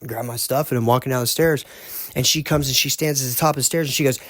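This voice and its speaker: A man's voice: mid-range voice, steady tone, fairly bright tone. Guy on his podcast, earnest, keeps restarting sentences, dry sound, no room echo. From United States. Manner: earnest, halting, with frequent restarts. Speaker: podcast host. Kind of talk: personal storytelling monologue.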